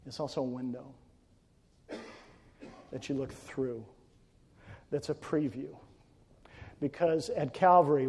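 A male pastor preaching a sermon, swinging between forceful emphatic peaks and quiet hushed passages. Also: fairly high pitch, breathy edge. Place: church sanctuary. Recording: long church reverb.

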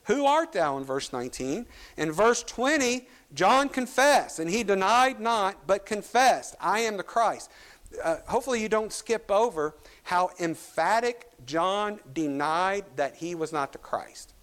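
A pastor with a Kentucky accent delivers a sermon. His voice sits fairly high for a man, and he preaches with animated, emphatic rises. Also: unhurried.

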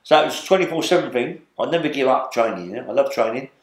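Gravel-free 70s London man, rambling storyteller, roomy echo. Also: medium pitch, lively intonation, fast talker. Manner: rambling, tags lines with "yeah?" and "you know what I mean?". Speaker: interview guest. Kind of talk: storytelling interview.

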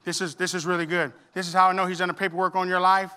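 A middle-aged man, preaching a sermon with emphatic swings between loud declarations and quiet asides. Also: high voice, level tone, racing, clear, resonant tone. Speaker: pastor.

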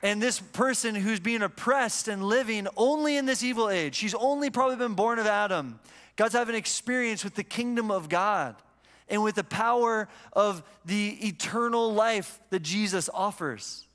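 A man's voice: high-pitched, moderate pace, a bit bright. A young adult man pastor preaching a sermon in a church, telling a story in a conversational way. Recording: church hall reverb.

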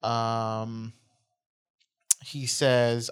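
A man's voice: mid-range voice, normal speed, fairly bright tone. A man co-hosting a podcast, talking casually and laughing easily. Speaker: podcast co-host. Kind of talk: casual chat and reading aloud.

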